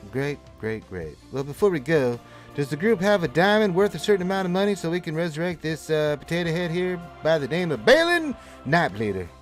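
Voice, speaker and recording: A man playing a worn-out male servant of a goddess, loud, higher than his usual voice, rambling, tabletop game. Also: sing-song, a little fast, soft background music. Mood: harried. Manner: rambling, repeats words, loud.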